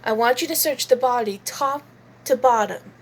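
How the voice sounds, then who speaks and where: A woman voicing a calm, composed teenage girl detective who gives instructions in a measured way. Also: fairly high pitch, a little hiss or hum, natural voice.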